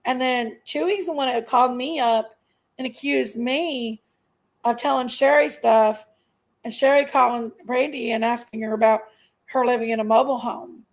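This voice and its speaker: A middle-aged woman with a high, gravelly voice, ranting on a live stream. She vents in an aggrieved, emphatic way and circles back to the same points. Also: steady tone, moderate pace, low-quality recording. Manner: aggrieved, emphatic venting, repeats herself. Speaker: livestream host. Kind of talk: casual live-stream rant.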